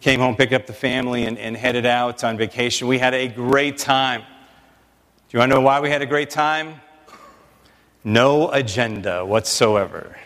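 Animated preaching man in a reverberant hall. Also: mid-range voice. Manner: animated, conversational preaching with quick asides. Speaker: pastor. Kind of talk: sermon.

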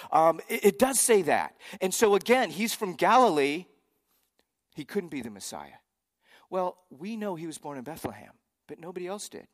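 A man preaching a sermon, animated and acting out the voices of arguing crowds. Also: fairly high pitch, a little fast. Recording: long hall reverb.

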